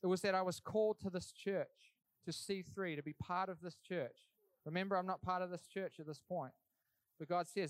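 A man's voice: high-pitched, steady tone, normal speed, no echo. A young man telling his life story in an earnest, conversational way, as a church speaker giving testimony. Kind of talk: sermon testimony.

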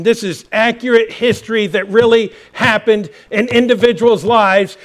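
A man preaching a sermon as pastor, with passionate delivery that builds to shouting. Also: sits high. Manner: impassioned preaching, rising to shouts.

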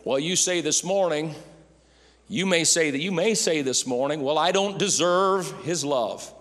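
A pastor preaching with a fairly high voice for a man. He swings between loud, driving emphasis and hushed near-whispers, and his words ring out into the long reverb of a large hall. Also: unhurried. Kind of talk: sermon.

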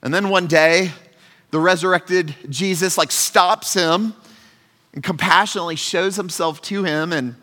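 A male pastor gives a sermon with a bright, forceful voice, pitched a little high. He talks in a casual, earnest way, moving between punchy emphasis and hushed asides. His voice rings through a hall with a long reverb. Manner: conversational, earnest, shifts between loud emphasis and soft asides.

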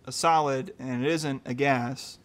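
A man's voice: mid-range voice, fairly even intonation, a little slow. A man hosting a casual quiz show, reading questions aloud and chatting about the answers with easy laughs. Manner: reads questions then chats and laughs easily. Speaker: quiz host.

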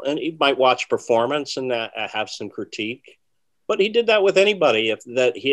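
A man who is a magician, telling stories in an interview with a rambling, conversational manner full of fillers and restarts. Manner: often soft and low, with lively bursts. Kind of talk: casual interview storytelling.

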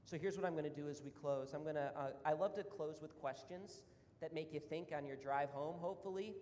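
A man's voice: on the high side, a little fast, a little mellow, slight background noise. A man preaching an earnest, conversational sermon as pastor, building in intensity and closing in prayer. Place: church sanctuary. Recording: reverberant church hall with music.

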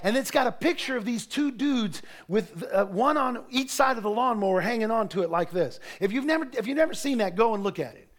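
A middle-aged man, preaching in church with folksy joking stories that build to shouted preaching. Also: sits high, animated, a little fast, hardly any pauses. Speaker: pastor. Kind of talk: sermon.

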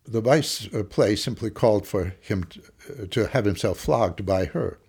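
A man who teaches theater remembering old productions in an interview, talking slowly and reflectively with halting fillers. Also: fairly low pitch, vocal fry, a little mellow, husky. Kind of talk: interview reminiscence.

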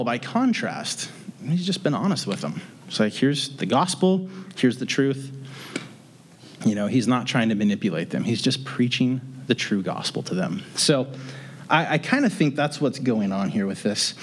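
Man, Bible teacher, casual verse-by-verse teaching, conversational, joking asides, medium pitch. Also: slightly rough.

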